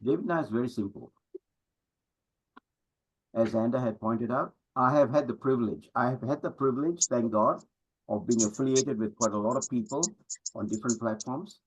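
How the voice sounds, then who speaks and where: A man's voice: mid-range voice, moderate pace, husky, low-quality recording. A middle-aged man giving an emphatic motivational talk to an audience as a business coach, full of rhetorical questions.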